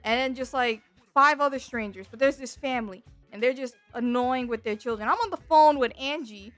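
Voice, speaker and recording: A young woman streamer telling a story in a casual chat, animated and exasperated, full of fillers and restarts. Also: sits high, brisk, no echo, soft background music. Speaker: VTuber streamer.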